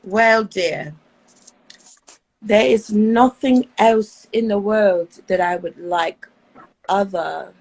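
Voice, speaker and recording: A woman's voice: mid-range voice, takes it slowly, pauses often, low-quality recording. A woman voicing a flirtatious posh English lady with a theatrical, seductive manner.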